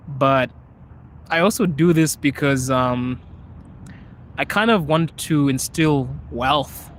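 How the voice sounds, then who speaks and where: A young man hosts a casual live chat outdoors on a city street, speaking emphatically and earnestly. His voice is mid-range with a fairly bright tone, and there's a little hiss or hum in the recording.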